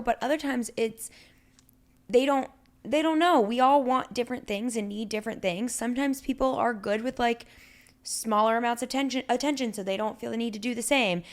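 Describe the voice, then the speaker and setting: A woman co-hosting a podcast, chatting casually and giving careful, hedged advice. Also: on the high side. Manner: chatty, hedging, measured advice. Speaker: podcast co-host. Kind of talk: casual chat.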